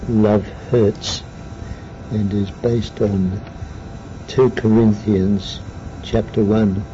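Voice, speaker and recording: A man giving a slow, measured formal introduction to a recorded church service. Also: on the low side, dark tone. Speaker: service announcer. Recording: muffled church recording with faint hiss.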